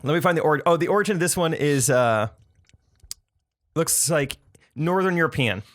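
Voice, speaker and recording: A man's voice: a little high, animated, normal speed, fairly bright tone, no echo, studio quality. A young man co-hosting a podcast, reading out odd phrases and quizzing his co-host in casual, comedic chat, laughing often.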